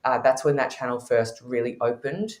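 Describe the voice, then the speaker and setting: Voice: mid-range voice, moderate pace, a little mellow, roomy sound. A podcast guest who teaches intuition, telling candid stories with frequent laughter in a conversational way.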